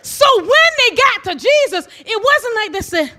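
A woman preaching a sermon emphatically, swinging from soft, low asides to shouting. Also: big pitch swings, measured pace.

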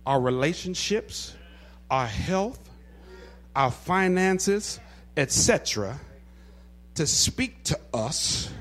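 A man preaching a sermon who builds to shouted, half-sung cadences and drops back to quiet, gravelly asides. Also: fairly high pitch, sing-song, takes it slowly, pauses often. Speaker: pastor.

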